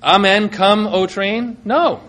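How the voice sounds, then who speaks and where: Speaking slowly in a high, fairly bright voice, a male pastor reads scripture and poses questions to his congregation. His delivery swings dramatically up and down as he preaches.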